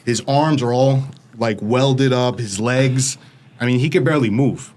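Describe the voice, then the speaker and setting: A man's voice: mid-range voice, measured pace, a little mellow. A man guest on a podcast, recounting a personal story with vivid, casual storytelling and lots of filler words.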